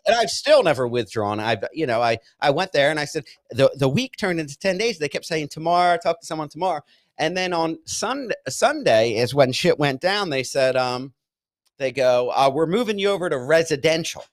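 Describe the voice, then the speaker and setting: A man's voice: fairly high pitch, moderate pace, no echo. A man telling a rehab story in casual podcast chat, laughing often and acting out what people said. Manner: animated storyteller, yells out quoted lines, laughs often.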